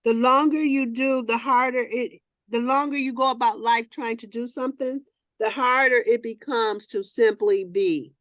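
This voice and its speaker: A woman hosting a morning talk show. She reads a reflective passage in a measured way and then chats in an animated, conversational style. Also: on the high side, no echo, clean studio sound. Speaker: host. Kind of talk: reading a passage, then casual group chat.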